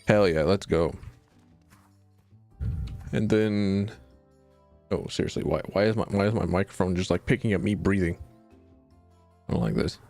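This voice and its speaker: A man's voice: fairly low pitch, creaky, darkish tone. A young man streaming a video game, rambling in a self-deprecating way and fussing at his microphone. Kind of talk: casual gameplay commentary.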